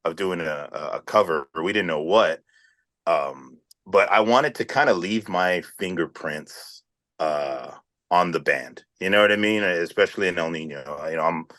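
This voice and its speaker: A man with a South Texas accent answers interview questions with a very deep voice. The sound is close and dry, with no room around it. He talks loosely, restarting phrases and checking in with the listener. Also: normal speed, no room sound. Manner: relaxed, rambling, frequent restarts and "you know what I mean". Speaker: band vocalist.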